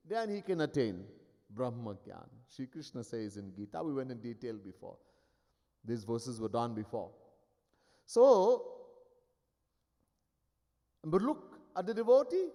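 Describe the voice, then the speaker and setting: A male spiritual teacher preaches at a mid pitch, emphatic and wry as he tells stories. His voice rings with a long reverb through an ashram hall. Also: big pitch swings, normal speed, mellow. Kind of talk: sermon.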